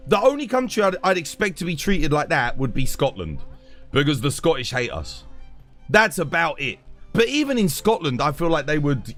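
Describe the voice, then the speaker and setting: A man with a London accent, talking with viewers on a live game stream. His voice swings up and down in pitch as he rambles emphatically through his points, with faint music playing softly underneath. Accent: London English. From England. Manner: emphatic and rambling, with frequent restarts.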